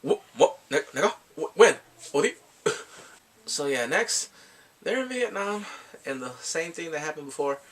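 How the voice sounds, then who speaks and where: A man casually retelling a film's plot as a movie reviewer, animated, laughing often and acting out quotes in squeaky voices. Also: moderate pace, far from the mic.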